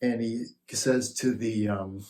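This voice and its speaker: A man's voice: medium pitch, takes it slowly. A man who worked as a monitor technician, telling backstage stories casually, laughing often and swearing freely. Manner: laughs often, profane, animated retelling. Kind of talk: casual storytelling.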